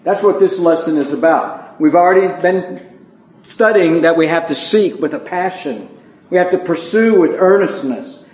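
A man with a fairly high voice teaches a Bible lesson, talking to his congregation in a relaxed, folksy way and poking fun at himself. The room around him is echoey. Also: moderate pace. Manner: folksy, self-deprecating, with plain asides to the congregation. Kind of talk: conversational sermon.

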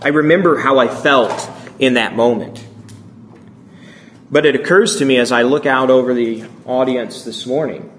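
A man in his thirties telling a story in a sermon, speaking in a slow, measured, hushed way with long pauses. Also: medium pitch, slight background noise. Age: 30s. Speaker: speaker addressing a congregation.

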